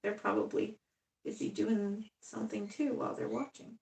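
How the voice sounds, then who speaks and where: Brief: rambling woman in her fifties live-streaming her crafts, gravelly voice, echoey room. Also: medium pitch, level tone, moderate pace, darkish tone. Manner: rambling, chatty, laughs often. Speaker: doll artist live-streaming. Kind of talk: casual live stream chat. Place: home room. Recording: echoey room, far from the mic.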